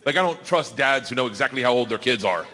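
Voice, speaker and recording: A man doing a loud, excitable stand-up comedy set on stage, his storytelling often rising toward a shout. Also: medium pitch, fast. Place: comedy stage before a laughing audience. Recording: live show with loud crowd laughter and noise. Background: crowd laughter.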